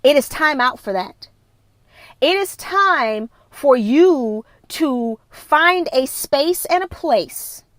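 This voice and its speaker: Emphatic high-voiced woman coach. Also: no room sound. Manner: emphatic, repetitive, preachy. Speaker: wellness coach. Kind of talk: live-streamed motivational talk. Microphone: phone.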